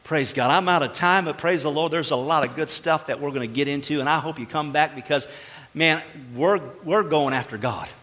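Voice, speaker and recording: A pastor preaching to his congregation in a church sanctuary, lively and exclaiming as he acts out short exchanges. His voice sits a bit high for a man and rings bright and forceful. A long reverb trails each phrase, as in a large hall. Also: fairly quick. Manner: animated, exclaiming and acting out little dialogues. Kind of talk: sermon.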